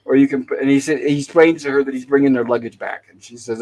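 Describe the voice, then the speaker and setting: A man's voice: medium pitch, fairly even intonation, fast, darkish tone, low-quality recording. A man hosting a talk show, casually retelling TV episode scenes and quoting the characters' lines. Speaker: podcast host.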